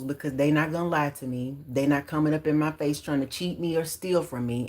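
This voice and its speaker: A woman in her forties with a low-pitched voice hosts a casual livestream. She talks in a lively, animated way, with bursts of excitement and easy slang, and leads her viewers through affirmations. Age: 40s. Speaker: livestream host and author.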